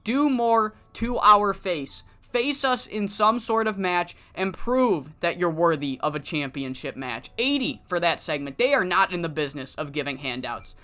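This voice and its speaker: Bright, excitable let's-play narrator. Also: medium pitch, moderate pace, few pauses. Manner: excitable, swears casually, paraphrases promos. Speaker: game commentator. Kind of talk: casual let's-play narration of a wrestling sim.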